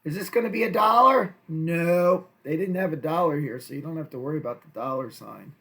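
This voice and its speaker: High, gravelly-voiced playful male teacher. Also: a little fast, pushed and bright. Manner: playful, chatty, jokey asides. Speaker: second grade teacher. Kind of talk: recorded math lesson for young pupils.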